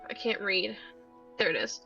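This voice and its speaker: A woman playing a tabletop game who explains her moves in an animated, giggly way. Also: mid-range voice, moderate pace, vocal fry, lo-fi sound, faint music behind. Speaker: player. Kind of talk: casual chat.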